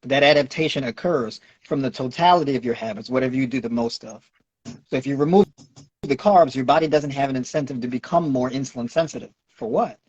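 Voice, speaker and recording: A man's voice: medium pitch, fast talker, breathy edge, no room sound, highs cut off. A man with a New York accent, a nutrition and fitness coach, explaining at length in a lecturing way and checking in with "right?". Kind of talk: explaining in a podcast Q&A.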